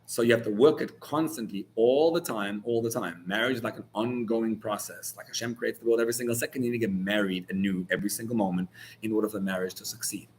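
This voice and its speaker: A man's voice: fairly low pitch, fairly even intonation, quick pace, a little hiss or hum. A man, a rabbi, giving an informal Torah class in a searching, conversational way, full of restarts, that builds to heated emphasis on key words.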